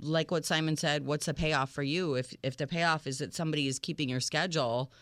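A woman co-hosting a late-night relationship advice radio show. She talks in a direct, animated way, and her voice sounds smooth and resonant. The studio sound is close and dry. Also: deep voice, a little fast, no room sound.

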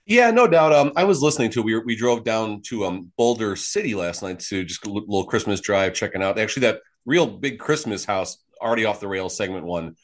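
Rambling low-voiced male co-host. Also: brisk, hardly any pauses. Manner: rambling, with many fillers and restarts. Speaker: podcast co-host. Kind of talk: casual sports podcast chat.

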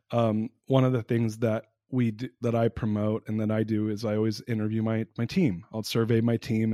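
A man in his forties hosting a casual interview, chatty and animated, with lots of fillers. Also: on the low side, dry recording, studio quality. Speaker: host.

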